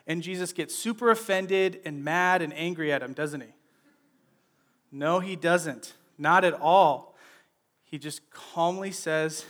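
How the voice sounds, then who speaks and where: A man teaching a sermon on a Bible passage in a conversational way, often checking in with "right?" and retelling scenes in lively everyday speech. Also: a little high.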